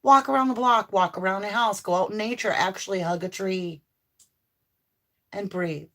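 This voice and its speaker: A woman's voice: mid-range voice, moderate pace, fairly bright tone. A woman doing a live tarot reading for her viewers, talking in an effusive, affirming way with lots of exclamations. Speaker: tarot reader.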